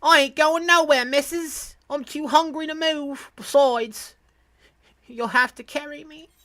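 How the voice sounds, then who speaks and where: A man's voice: extremely high pitch, fairly even intonation, a little slow, pushed and bright, voice pushed up, exaggerated voice. A man voicing a hungry, stubborn young boy with a put-on British accent, reading game dialogue aloud.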